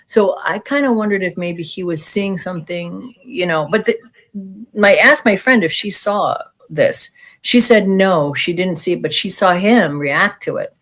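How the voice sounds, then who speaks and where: A woman with a lowish voice tells her story as a guest in an easy, unscripted way. She grew up in the American Midwest and talks with frank, animated energy, acting out the voices of the people she quotes. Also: moderate pace. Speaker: guest sharing alien encounter experiences. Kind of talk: casual storytelling in conversation.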